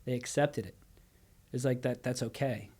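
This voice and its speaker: A man in his thirties who teaches high school. He speaks in a mid-range voice and tells his story in a relaxed, conversational way. He slips into his students' voices as he retells it. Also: moderate pace. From Pennsylvania. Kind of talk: casual podcast conversation.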